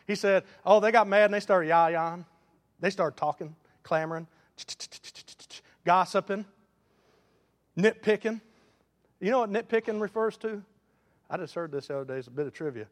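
High-voiced preacher in a reverberant church. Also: male voice. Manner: folksy preacher, rises to loud emphatic runs. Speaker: pastor. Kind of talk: sermon. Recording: long hall reverb.

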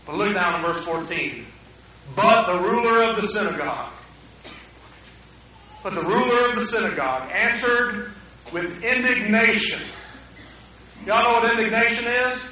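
A pastor preaching a sermon in a conversational way, often putting questions to the congregation, in a church sanctuary. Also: male voice, sits high, sharp tone, slight background noise. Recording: echoey hall, mic at a distance.

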